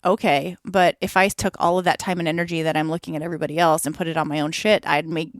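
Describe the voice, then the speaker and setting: A woman speaking candidly as a podcast guest, animated and acting out her own inner voices. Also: low voice, fast talker, no room sound, studio quality. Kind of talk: candid conversational interview.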